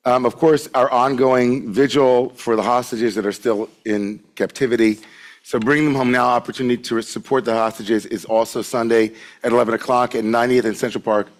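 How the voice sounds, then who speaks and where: A man's voice: mid-range voice, steady tone, brisk. Chatty man leading a congregation. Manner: chatty and joking, with many filler 'likes'. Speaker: service leader at a congregation. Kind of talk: casual welcomes and announcements at a Friday service. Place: sanctuary with a congregation present.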